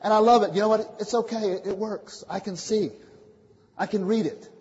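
A man preaching a sermon, calling out questions for the congregation to answer and swinging from quiet asides to loud declarations. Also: high voice, steady tone, normal speed. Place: church meeting hall. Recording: muffled, echoey hall recording.

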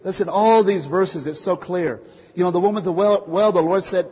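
A man with a fairly high, husky voice preaches to his congregation, tossing out questions for them to answer and rising from soft asides to loud declarations. The sound is muffled and rings with the long echo of a meeting hall. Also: brisk. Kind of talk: sermon. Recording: muffled, echoey hall recording.

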